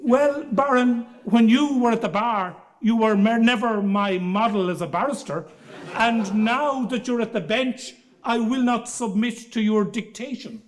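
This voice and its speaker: Guy reading out a cheeky quick-tongued barrister from way back, talking back to the judge, highish voice. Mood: defiant. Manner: defiant, quick retorts. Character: bold, witty male 19th-century barrister.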